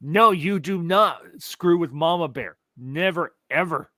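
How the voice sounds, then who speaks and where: A man in his forties co-hosting a casual movie chat, telling scenes in an animated way. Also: on the high side, unhurried, no room sound. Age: 40s. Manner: animated storyteller, acts out scenes. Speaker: movie review podcast co-host.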